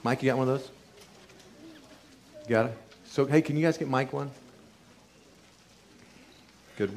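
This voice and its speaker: A middle-aged man, a chiropractor, telling an emotional patient story to a live audience in an earnest, emphatic way that often drops to a hushed tone. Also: mid-range voice, a little slow, pauses often. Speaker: chiropractor giving a talk.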